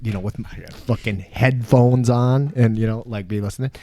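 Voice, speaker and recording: A man's voice: medium pitch, steady tone, normal speed, mellow, a little hiss or hum. A man from southern Minnesota hosting a podcast, telling rambling, profane stories in casual chat and laughing often. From southern Minnesota, USA. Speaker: podcast host.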